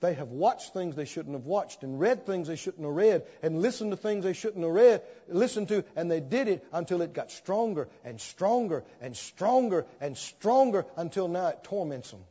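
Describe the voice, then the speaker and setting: A man preaching a sermon, telling an animated story and acting out the scenes as he goes. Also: high-pitched, normal speed, hardly any pauses, slightly rough. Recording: dull sound, long hall reverb.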